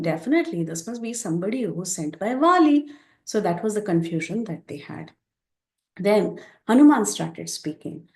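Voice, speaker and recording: Animated woman retelling scripture, echoey room. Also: medium pitch. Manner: animated retelling with quoted dialogue. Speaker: teacher of scripture. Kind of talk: storytelling scripture lesson.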